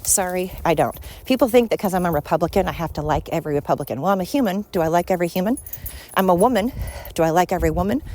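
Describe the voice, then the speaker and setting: A woman's voice: fairly low pitch, lively intonation, very fast, mellow. A woman hosting a podcast alone, talking in a blunt, opinionated and rambling way. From Sweden. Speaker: podcast host. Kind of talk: casual solo monologue.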